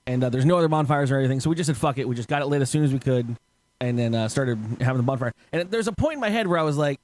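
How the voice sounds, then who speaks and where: A man's voice: medium pitch, animated, very fast, darkish tone. A man hosting a podcast in casual chat, telling stories loosely with frequent laughs and swearing. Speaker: podcast host.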